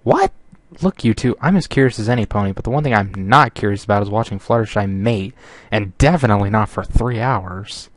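A man's voice: fairly low pitch, lively intonation, fairly quick, no room sound, close to an everyday voice. A man voicing a sly little baby dragon boy. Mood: protesting. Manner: sly, wheedling. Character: mischievous young male baby dragon.

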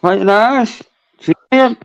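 Field: excitable high-voiced man hosting a live stream. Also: a little slow, creaky, clean tone. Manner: excitable, laughing, swearing. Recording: dull lo-fi stream audio.

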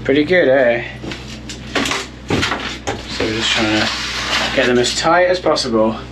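A man's voice: medium pitch, animated, measured pace, heavy background noise. An English man narrating a casual vlog as he works, chatty and full of ums and likes. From England. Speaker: vlogger.

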